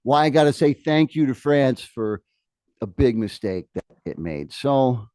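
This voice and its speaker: A man teaching a history class, lecturing in a lively way with joking asides to his students in a classroom. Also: mid-range voice, unhurried, no echo, studio quality.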